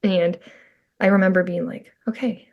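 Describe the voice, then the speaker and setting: A woman's voice: mid-range voice, normal speed, phone-quality sound. Chatty woman telling a personal story. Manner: chatty, frequent "like" fillers, laughs often. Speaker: podcast guest; mother telling her birth story. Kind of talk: casual storytelling.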